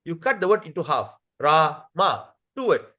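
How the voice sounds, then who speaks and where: Casting note: a male devotional teacher with a high, very expressive voice, who chants words slowly to demonstrate them. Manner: addresses listeners directly, checks with "okay?". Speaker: teacher leading a scripture study.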